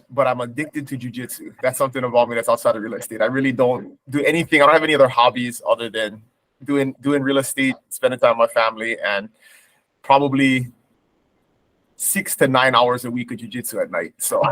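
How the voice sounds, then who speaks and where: A man's voice: mid-range voice, no room sound. Man from Hawaii, realtor, laid-back with ums, dry sound. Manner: relaxed, self-deprecating, pauses with um. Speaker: realtor and team leader.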